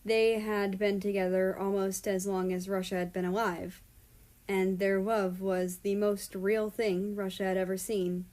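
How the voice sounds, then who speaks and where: A woman reading a story aloud in a calm, steady narration. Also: medium pitch, a little slow. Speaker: story reader. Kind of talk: reading fan fiction aloud.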